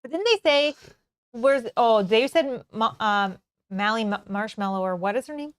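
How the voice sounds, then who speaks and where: A woman co-hosting a casual livestream about board games, chatting in quick back-and-forth with her co-host. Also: a little high, clean tone. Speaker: co-host of a board game channel.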